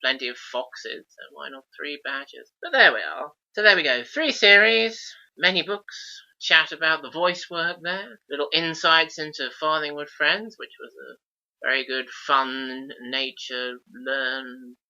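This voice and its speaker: Bright-voiced chatty man hosting a podcast. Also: on the high side, a little slow, muffled recording. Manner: chatty, enthusiastic, lists things off. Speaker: podcast host. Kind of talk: casual podcast chat.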